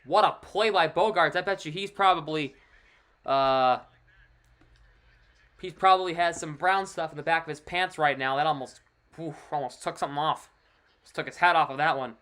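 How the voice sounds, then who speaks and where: A man streaming casual live play-by-play commentary of a baseball game, chatty and excitable over big plays, with offhand asides. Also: a little high, normal speed, long pauses.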